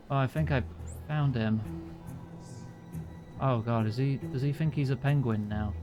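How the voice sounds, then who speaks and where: A man's voice: mid-range voice, a little slow, pauses often, warm tone, soft background music. A man casually streaming a game, reading its dialogue aloud and adding wry, joking asides.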